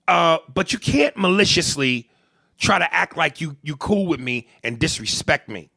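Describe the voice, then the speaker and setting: A man who works as a comedian, co-hosting a podcast and telling profane, animated, joking stories in a casual rant. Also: on the high side, moderate pace, gravelly, dry recording, clean studio sound.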